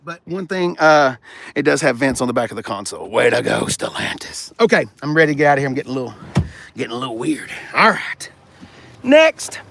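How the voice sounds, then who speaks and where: A middle-aged man on a car lot, joking and teasing in a high, lively voice. He sounds bright, and faint noise sits behind him. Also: gravelly. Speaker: car dealership vlogger. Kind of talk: casual walkaround chat. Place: car lot, in and around cars.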